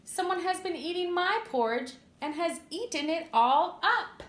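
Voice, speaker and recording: A woman voicing a tiny young boy bear cub in a squeaky storybook voice. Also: expressive, unhurried, fairly bright tone, full character voice. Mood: upset. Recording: echoey room.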